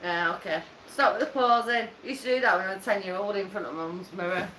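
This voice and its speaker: A woman's voice: mid-range voice, pushed and bright, a little hiss or hum. A woman, chatting and teasing with friends, laughing often as she tells a story. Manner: giggly, teasing, quick storytelling. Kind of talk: casual banter among friends. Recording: echoey room.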